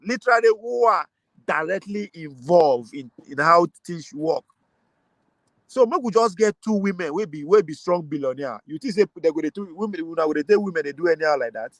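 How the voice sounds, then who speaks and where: A man with a Nigerian accent talking politics in a casual way, animated and laughing often, mixing Pidgin and English. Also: high voice, brisk, dry recording. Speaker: political commentator.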